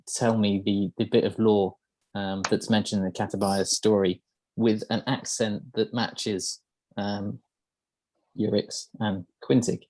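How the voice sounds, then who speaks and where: A man's voice: fairly low pitch, level tone, a little slow, darkish tone, dry recording. A man hosting a podcast, explaining game lore in casual chat, hesitant and full of ums and uhs. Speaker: podcast host.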